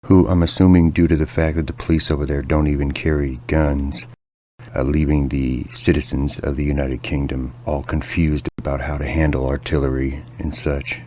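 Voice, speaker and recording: A man's voice: very deep voice, little pitch movement, normal speed, a little mellow, no room sound. A young man hosting a podcast, ranting sarcastically with lots of swearing in a casual comedic monologue. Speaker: podcast host.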